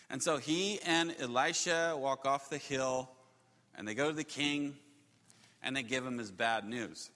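A man preaching a sermon, telling the story with animated delivery, chuckles and acted-out quotes. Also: medium pitch, measured pace. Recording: long hall reverb.

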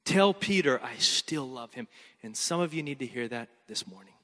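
Bright-voiced pastor guy, emphatic sermon, keeps repeating lines. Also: mid-range voice, animated, moderate pace, big-room sound. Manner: emphatic, repeating key phrases.

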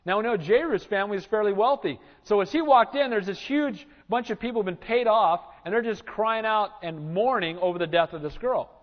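Pastor guy with a high voice preaching, acts out the bible bits, big echo off the church walls. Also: animated, brisk, hardly any pauses. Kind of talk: sermon. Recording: reverberant church hall, dull lo-fi sound.

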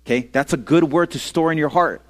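In an audio-only recording, a pastor talks to young people in a relaxed, conversational sermon, repeatedly asking "okay?" and "amen?" and drawing them into call-and-response. His voice sits on the higher side, brisk and fairly bright.

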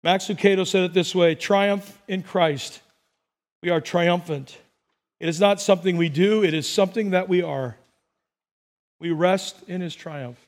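A man preaching a sermon as pastor, telling stories and acting out voices, swinging between soft and loud. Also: high voice, unhurried. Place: church sanctuary. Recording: long reverb of a large hall.

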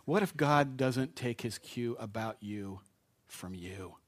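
A man's voice: mid-range voice, slow. Conversational male preacher with jokes. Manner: conversational, with asides and self-deprecating jokes. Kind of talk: sermon. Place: church with a live congregation.

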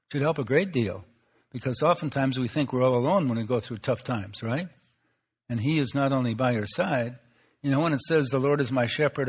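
A man's voice: mid-range voice, breathy edge. A man preaching a sermon, folksy and conversational, with rhetorical questions and frequent chuckles. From Swedish Lutheran background. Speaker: pastor.

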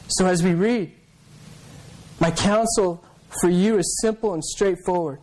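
A man with a high voice preaches a sermon in a loose, conversational style. He tells it like a story and stumbles over repeated words as he builds. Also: measured pace, long pauses, darkish tone, low-quality recording. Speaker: pastor.

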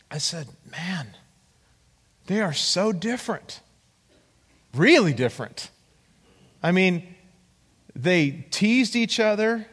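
A man preaching a sermon, telling his own story in an animated way and acting out the voices of the people in it. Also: a little high. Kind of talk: sermon with personal testimony. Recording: long hall reverb.

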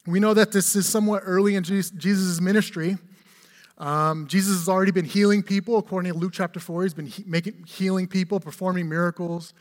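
A man's voice: high-pitched, fairly even intonation, brisk, in a large hall. A man in his forties preaching a sermon as pastor, telling funny stories and asking the congregation rhetorical questions. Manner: humorous storytelling, conversational with rhetorical questions.

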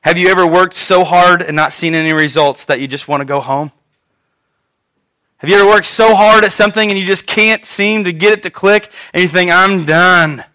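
A male pastor preaching a sermon in an animated, conversational storytelling manner. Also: high-pitched, a little fast.

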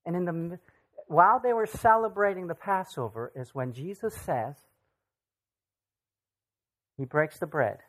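With a mid-range voice, a measured pace, and long pauses, a preacher gives a conversational, lively sermon. He often asks the audience direct questions and acts out the voices from scripture.

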